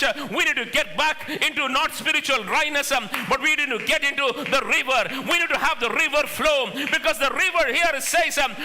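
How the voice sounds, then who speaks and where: A man's voice: very high voice, pushed and bright, a little hiss or hum. A man pastor preaching a conversational sermon in a church, asking the congregation questions. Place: church sanctuary.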